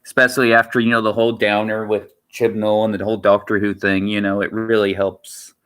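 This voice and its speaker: A man's voice: fairly low pitch, level tone, a little fast, fairly bright tone. A man chatting casually on his livestream, rambling and repeating himself with lots of filler words. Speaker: streamer.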